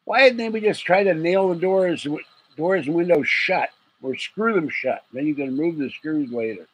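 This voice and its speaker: A man rambles through a late-night livestream, greeting viewers and spinning jokey tangents with frequent chuckles. His voice sits a little high and has a husky edge. He sounds drowsy as he talks. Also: normal speed, low-quality recording. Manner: rambling, joking, chuckles often. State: getting sleepy. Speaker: livestream host.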